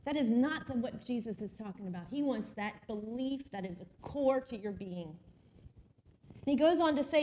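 A woman with a high voice delivers a sermon and reads scripture aloud. She preaches expressively, slowing to a crawl on the words she wants to land. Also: animated, a little mellow.

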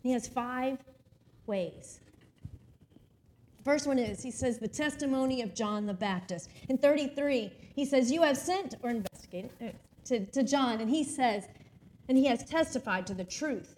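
A woman with a high voice delivers a sermon and reads scripture aloud. She preaches expressively, slowing to a crawl on the words she wants to land. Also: lively intonation, darkish tone, a little hiss or hum.

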